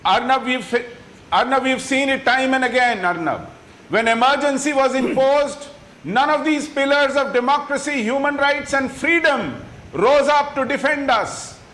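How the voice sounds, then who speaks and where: Impassioned high Indian man, echoey room. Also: a little slow, a bit bright. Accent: Indian English. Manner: impassioned, listing grievances. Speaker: debate panelist. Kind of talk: heated televised debate.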